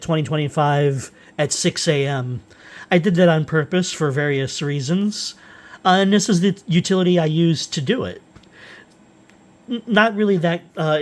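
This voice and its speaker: A man walking through software tools he wrote, unscripted and halting, with frequent fillers and restarts. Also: on the high side. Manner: rambling, halting, with many uhs and restarts. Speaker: software developer presenting his utilities. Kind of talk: unscripted screen-recorded software walkthrough.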